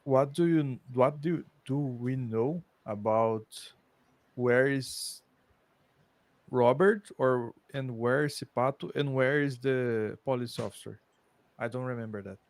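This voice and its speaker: A man's voice: medium pitch, slow pace, no room sound. A man talks as a player in a tabletop game. He speaks hesitantly and often repeats words, and the sound is dry and close. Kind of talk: casual game talk in English.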